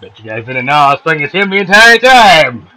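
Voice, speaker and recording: A young man's a little high, sing-song voice moves fairly quickly as he commentates his own fighting-game match for a gaming video. He loudly swears at the computer opponent and jokes in profane trash talk.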